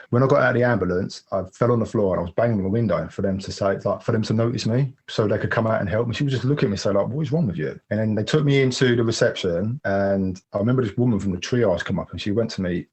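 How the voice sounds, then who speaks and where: A man recounts a hard personal episode at a quick clip, in a low and husky voice. He rambles openly and acts out the other people's lines as he goes. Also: a little mellow. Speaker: podcast guest. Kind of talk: personal storytelling.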